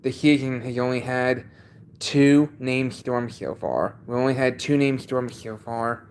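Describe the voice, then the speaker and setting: A man's voice: mid-range voice, smooth. A man chatting casually on his own livestream from a basement, sounding congested and often repeating himself as he talks. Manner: halting, repeats each sentence. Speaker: livestream host.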